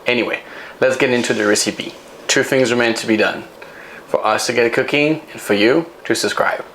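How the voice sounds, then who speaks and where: Chatty French-accented chef. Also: male voice, mid-range voice, normal speed. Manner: chatty, playful, explains step by step. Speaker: chef and cooking show host. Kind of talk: cooking tutorial.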